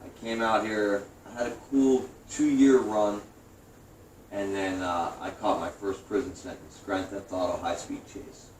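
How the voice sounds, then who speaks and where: A man in his forties from New York tells his story in a lowish, profane, animated voice. The room gives it a roomy echo, and the mic sits some distance away. A faint hiss runs underneath. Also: measured pace. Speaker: guest. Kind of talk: storytelling interview.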